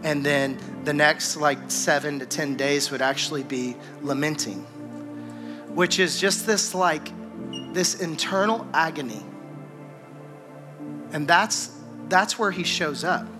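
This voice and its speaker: A man's voice: a little high, takes it slowly, long pauses. A man preaching a sermon in a casual, conversational way, acting out the dialogue of a scripture story. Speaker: pastor. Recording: music playing behind.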